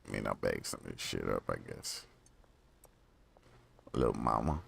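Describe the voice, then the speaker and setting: Very deep gravelly-voiced young man streaming. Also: normal speed, fairly bright tone, a little hiss or hum. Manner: rambling and profane, talking to himself. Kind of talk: casual livestream chat while playing a game.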